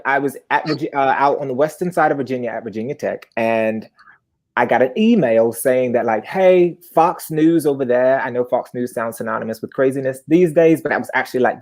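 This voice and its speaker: Animated young man telling a story. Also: normal speed. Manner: animated, chatty, jumps into high-pitched bursts. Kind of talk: live personal storytelling.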